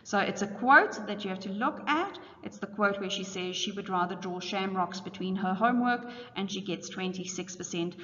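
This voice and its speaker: A woman teacher, reading exam questions aloud and then calmly explaining the answers. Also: medium pitch, normal speed, few pauses. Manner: reads questions in Afrikaans then explains in English. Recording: dull audio with long reverb.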